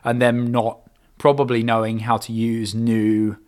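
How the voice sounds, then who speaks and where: A man's voice: medium pitch, monotone, unhurried, darkish tone. Casual male podcast co-host, easygoing banter. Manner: joking, chatty, laughs often. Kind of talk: casual chat.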